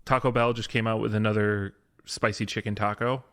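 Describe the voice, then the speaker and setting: A man's voice: on the low side, little pitch movement, brisk, a bit bright, clear, resonant tone, no echo. A man co-hosting a podcast in casual chat, teasing his co-host in a wry way.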